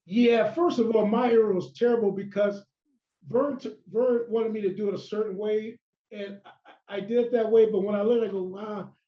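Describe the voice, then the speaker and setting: High-voiced man telling old stories in a roomy, muffled recording. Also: fairly even intonation, moderate pace. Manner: rambling, full of restarts and acted-out quotes. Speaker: former pro wrestler, interview guest. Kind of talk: casual storytelling interview. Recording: roomy, dull lo-fi sound.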